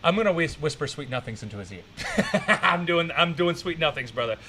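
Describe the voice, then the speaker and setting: Excitable high-voiced man reacting on stream. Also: fairly quick, noisy background. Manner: excitable, profane, rambling. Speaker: streamer host. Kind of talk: casual reaction commentary.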